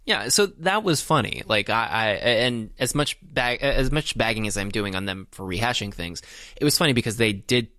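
Casting: male podcast co-host, bright and forward, dry close sound, loose rambling delivery full of uh and um. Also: lowish voice, lively intonation, normal speed, dry recording. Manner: rambling, many fillers and restarts. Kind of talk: casual movie discussion.

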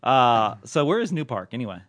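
A man's voice: medium pitch, sing-song, a little fast, no room sound. A man co-hosting a podcast in casual chat, rambling with many restarts. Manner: rambling, full of restarts and laughs. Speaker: podcast co-host.

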